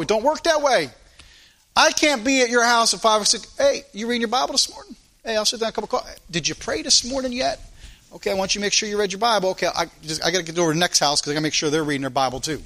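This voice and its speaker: A man preaching a sermon in a church as a pastor, swinging between loud emphasis and quiet asides, repeating phrases for emphasis. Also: high voice. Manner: informal spoken grammar, repeats phrases for emphasis.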